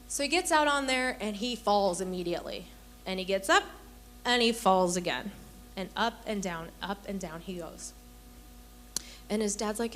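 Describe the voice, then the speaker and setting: This young adult woman has a mid-range voice and talks at a normal speed, with slight background noise. She gives an earnest personal testimony to a women's church gathering, telling stories and acting out the voices of the people in them.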